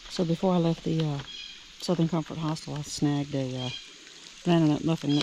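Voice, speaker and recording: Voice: medium pitch, a little fast, background noise. A hiker vlogging outdoors on a forest trail, chatting casually and thinking aloud in a rambling, easygoing way. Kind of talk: casual trail vlog narration. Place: outdoors in the woods by a creek.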